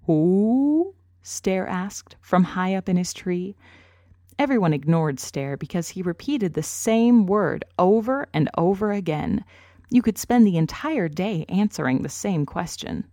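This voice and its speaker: A woman reading a children's story aloud, clear and expressive. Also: on the low side, unhurried, no echo, studio quality. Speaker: narrator.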